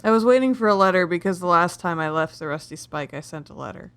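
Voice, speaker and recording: A woman playing a tabletop role-playing game, describing her character's moves with animated energy. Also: on the low side, fast, clear, resonant tone. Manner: animated, narrates her character's actions in first person. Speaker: player. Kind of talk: casual tabletop role-play chat.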